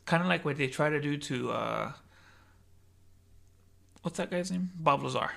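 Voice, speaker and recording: A man co-hosting a casual podcast chat, rambling through made-up scenarios, saying "dude" constantly and dropping into hushed voices. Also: on the high side, animated, unhurried, creaky. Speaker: podcast co-host.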